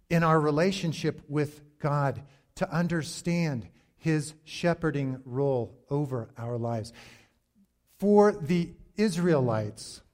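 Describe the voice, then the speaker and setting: Slow-speaking male pastor preaching. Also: a little high, a little mellow. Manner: slow, deliberate preaching with emphatic pauses. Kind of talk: sermon.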